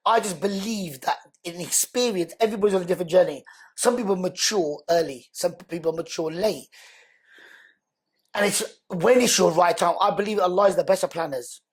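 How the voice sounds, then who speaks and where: A man, a podcast guest, telling his story in a lively, conversational way and acting out the dialogue. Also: high voice, fairly quick, slightly rough. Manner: animated, acts out quoted dialogue.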